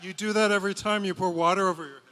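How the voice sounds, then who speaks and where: High-voiced man teasing from a live stage. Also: fairly even intonation, very fast, sharp tone, faint music behind.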